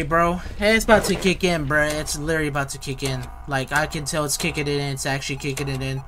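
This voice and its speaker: A man's voice: on the high side, fast, sharp tone, a little hiss or hum. A young man giving casual horror game commentary, jittery and slangy, repeating himself often. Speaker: gaming YouTuber.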